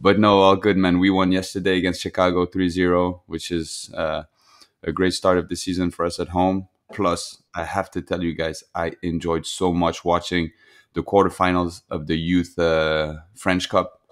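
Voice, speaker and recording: A man co-hosting a casual football podcast, relaxed and chatty, dropping British slang. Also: deep voice, moderate pace. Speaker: podcast co-host. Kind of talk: casual chat.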